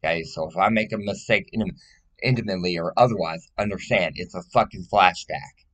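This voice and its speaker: A man's voice: sits low, brisk, fairly bright tone. A man speaking in a casual personal monologue, rambling and blunt, swearing often and pleading emotionally.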